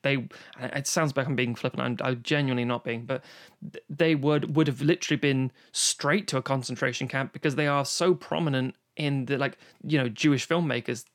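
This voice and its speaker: Excitable, swearing man talking films. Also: medium pitch. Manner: enthusiastic, swears freely, rambling with restarts. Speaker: podcast co-host. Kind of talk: casual film discussion. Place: home, recorded remotely during lockdown.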